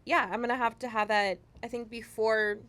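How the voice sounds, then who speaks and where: A woman in her thirties, co-hosting a podcast in casual chat, relaxed and agreeable, laughing easily. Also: a little high, normal speed. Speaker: podcast co-host.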